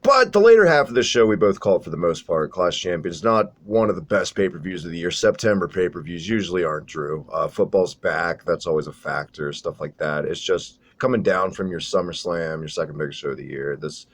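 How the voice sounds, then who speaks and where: Deep-voiced man, sarcastic podcast host. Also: a little fast, hardly any pauses. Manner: profane, sarcastic, rambling. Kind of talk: casual wrestling podcast chat.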